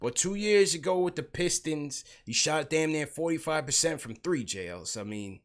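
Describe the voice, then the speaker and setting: A man's voice: on the high side, expressive, normal speed. A man hosting a sports livestream podcast, talking casually about basketball and calling out chat viewers. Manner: hypes up the chat, greets viewers.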